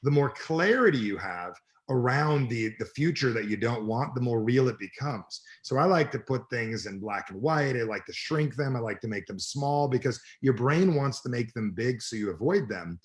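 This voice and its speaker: A man's voice: medium pitch, lively intonation, moderate pace, hardly any pauses. A middle-aged man, a personal development coach, talking bluntly and emphatically in an interview. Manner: emphatic, blunt, swears freely. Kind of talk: energetic interview talk.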